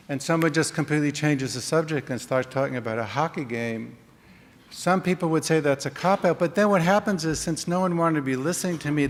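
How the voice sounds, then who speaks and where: A man giving a conference talk in a conversational way, acting out short example dialogues. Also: medium pitch. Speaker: conference speaker. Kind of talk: conference presentation. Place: conference hall. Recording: long reverb of a hall.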